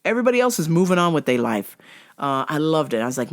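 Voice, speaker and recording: A man's voice: a little high, big pitch swings, fast. Male host, swears constantly, rambles, stops and restarts, laid-back monologue. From United States. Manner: profane, rambling, many fillers and restarts. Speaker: podcast host. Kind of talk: casual travel-recap monologue.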